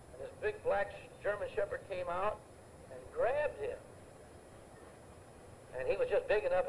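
Emphatic high-voiced male preacher. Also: a little hiss or hum, poor audio. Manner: emphatic, anecdotal, repeats phrases for effect. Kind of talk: sermon.

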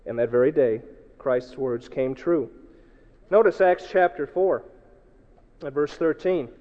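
A man preaches to his congregation in a high voice, pressing his points hard and then dropping to quiet asides. His voice rings around a large hall with a long echo. The recording sounds dull and lo-fi. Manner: emphatic and challenging, swinging between loud outbursts and low asides. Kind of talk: sermon.

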